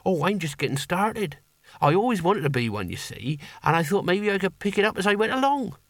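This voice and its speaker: A man's voice: high voice, sing-song, brisk, a bit bright, no room sound, studio quality, voice pushed up, heavily acted. A man doing a naive young would-be barbarian. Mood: eager. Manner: eager, earnest and chatty. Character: gangly young male would-be barbarian hero, earnest and naive.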